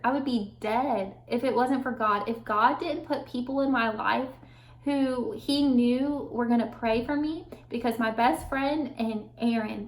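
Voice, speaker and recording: A woman's voice: a little high, reverberant, rough recording. A young woman telling her personal story in a vlog, earnest and candid, with restarts and nervous laughs. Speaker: vlogger. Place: at home with her dog nearby.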